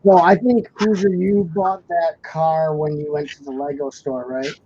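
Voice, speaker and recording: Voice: mid-range voice, fairly even intonation, measured pace. A young adult live-stream host from Indiana chatting casually and reading viewer comments, rambling with many "like" fillers and laughing easily. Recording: muffled stream audio with faint noise.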